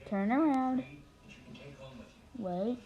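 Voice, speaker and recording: A calm puppet friend, voiced by a woman, speaks slowly and with deliberate timing in a homemade puppet show. The voice sits lower than the rest of the cast. It sounds helpful, with a teasing edge. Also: narrow, tinny audio. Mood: sly, helpful.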